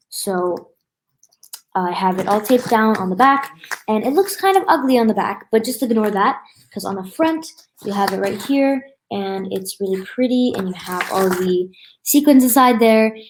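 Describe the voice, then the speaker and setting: A woman's voice: medium pitch, darkish tone, slight background noise, poor audio. A woman hosting a craft tutorial at a table, talking casually through each step with many fillers and restarts. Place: indoors at a table.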